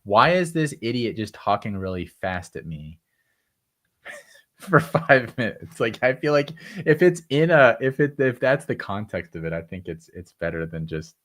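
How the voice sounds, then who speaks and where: A man's voice: fairly low pitch, big pitch swings, unhurried, fairly bright tone. A man co-hosting a sports podcast, talking casually and giving advice, with lots of fillers. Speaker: podcast co-host. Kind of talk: casual chat.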